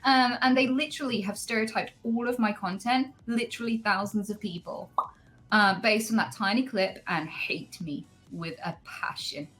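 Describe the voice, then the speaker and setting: A woman's voice: medium pitch, normal speed, fairly bright tone, soft background music, rough recording. A woman telling a story in casual group chat, candid and swearing freely. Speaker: streamer guest.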